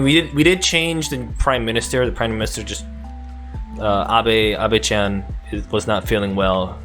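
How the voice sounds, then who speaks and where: A man co-hosting a relaxed podcast conversation from Japan. He laughs easily and often stops to restart his thoughts. Faint music plays underneath. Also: mid-range voice. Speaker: podcast host. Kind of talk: casual chat. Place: lives in Japan.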